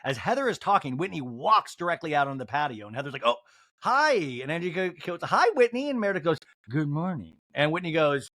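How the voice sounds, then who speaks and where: A man hosting a comedy podcast, recapping a reality show episode and acting out the cast members' lines in quick put-on voices. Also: on the high side, a bit bright, no room sound. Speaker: podcast host.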